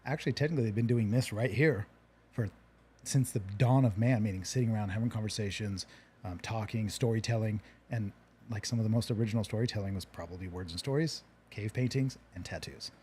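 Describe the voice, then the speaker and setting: A man hosting a relaxed interview, earnest and reflective, often restarting his sentences. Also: fairly low pitch, a little fast, a little hiss or hum. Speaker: podcast host. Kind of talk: casual interview chat.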